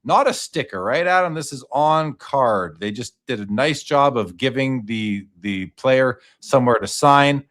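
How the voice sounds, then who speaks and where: A man hosting a live auction stream in a relaxed, chatty way. He reads out card grades and prices, gives quick verdicts, and passes questions to his guest. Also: medium pitch. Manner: casual, reads out lot details and asks the guest questions. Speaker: host.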